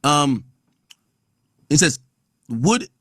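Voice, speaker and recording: A man's voice: on the high side, very animated, extremely slow, fairly bright tone, breathy edge, dry recording, clean studio sound. A man hosting a podcast, reading court testimony aloud and riffing on it in blunt, profane casual commentary. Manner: blunt, profane, reads quotes aloud and riffs on them. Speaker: podcast host.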